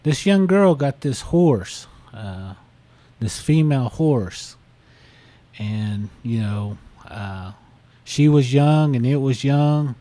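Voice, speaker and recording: A man's voice: medium pitch, animated, mellow, no echo. A man co-hosting a podcast, telling a story casually and leaning on "you know". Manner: slow, repeats "you know" often. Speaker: podcast co-host.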